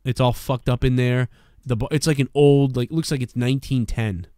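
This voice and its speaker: A man's voice: mid-range voice, fairly even intonation, normal speed, mellow, clean tone, no room sound, studio quality. A man telling a rambling, profane bar story in casual talk on a podcast. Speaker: podcast co-host.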